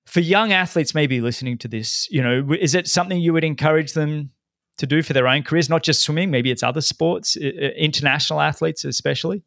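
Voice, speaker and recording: A man's voice: fairly high pitch, quick pace, gravelly, a bit bright, dry recording, studio quality. An Australian man hosting a podcast interview, chatty and encouraging. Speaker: podcast host. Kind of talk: conversational interview.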